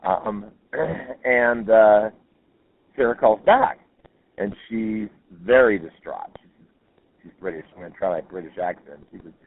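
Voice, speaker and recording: A man's voice: fairly low pitch, measured pace, dry recording. A man telling a listener's ghost story in a rambling, casual way, with many fillers and self-corrections. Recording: tinny phone-line audio.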